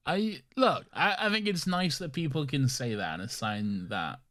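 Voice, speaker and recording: A man's voice: mid-range voice, animated, normal speed, a bit bright. A man with an ordinary mid-range voice chats casually as a podcast co-host. He sounds enthusiastic, but he hedges and restarts as he works through his points. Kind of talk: casual chat.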